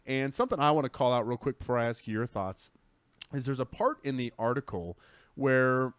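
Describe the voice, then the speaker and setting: A man in casual chat on a live gaming show, talking at a middle pitch. He rambles, restarts and circles back on himself with easy enthusiasm. His voice is recorded close and dry. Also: fairly quick, clear, resonant tone, dry recording. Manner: rambling, self-correcting, enthusiastic. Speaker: podcast co-host.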